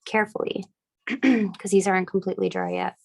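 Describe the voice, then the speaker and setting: A young woman getting over a cold, teaching a relaxed, chatty, upbeat step-by-step decorating class. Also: medium pitch, normal speed, husky. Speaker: craft class instructor. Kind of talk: casual step-by-step demonstration.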